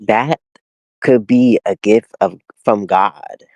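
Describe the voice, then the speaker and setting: The recording is dry, capturing a young man whose voice runs on the low side and a little mellow as he takes his time. He's co-hosting a casual podcast chat from his backyard, easygoing and thoughtful, with plenty of fillers.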